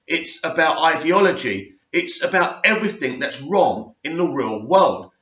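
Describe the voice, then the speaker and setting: A man's voice: fairly high pitch, lively intonation, measured pace, fairly bright tone, roomy sound, muffled recording. A middle-aged man giving a blunt, emphatic film review rant, stressing points and often asking "right?". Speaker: movie review vlogger.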